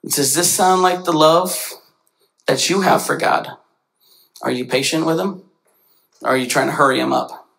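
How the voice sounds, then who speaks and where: Animated pastor with a gravelly voice. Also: male voice, moderate pace, pauses often, low-quality recording. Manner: animated, acts out quoted voices with big pitch jumps. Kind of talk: sermon. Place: church sanctuary.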